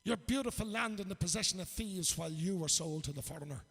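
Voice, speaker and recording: A man's voice: high-pitched, quick pace, gravelly, a bit bright, husky, in a large hall. A man introducing a song in a casual, chatty storytelling way, calling his listeners "lads". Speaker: singer and guest performer.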